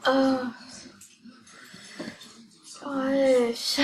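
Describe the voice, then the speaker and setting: A young woman talking through a computer game at home, excitable and giggly, filling her talk with "like". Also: sits high, a little slow, roomy sound, a little hiss or hum, rough recording. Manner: excitable and giggly, heavy use of "like". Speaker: game video creator. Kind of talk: casual gameplay commentary.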